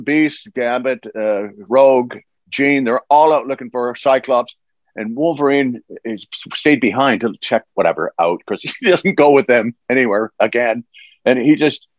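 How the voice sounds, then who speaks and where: An older man, a voice actor guest, tells stories in a casual interview. He is animated, laughs as he goes, and often restarts his sentences. The sound is dull and lo-fi, and completely dry. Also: medium pitch, moderate pace, no echo.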